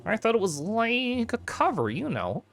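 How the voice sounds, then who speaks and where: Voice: mid-range voice, sing-song, moderate pace, vocal fry, a bit bright, voice pushed up. A streamer voicing a nervous, self-doubting ghost scientist in a game, rambling and flustered. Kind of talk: game voice acting.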